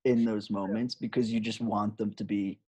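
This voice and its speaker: A woman co-hosting a casual podcast chat, laid-back and self-deprecating, reacting quickly to her friend's story. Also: extremely low pitch, fairly even intonation, warm tone, slightly rough. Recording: dull lo-fi sound.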